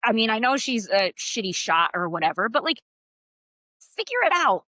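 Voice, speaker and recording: A woman's voice: medium pitch, expressive, brisk, bright, forceful tone, dry recording. A woman co-hosting a book podcast, blunt and sassy, swearing freely in casual chat. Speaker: podcast co-host.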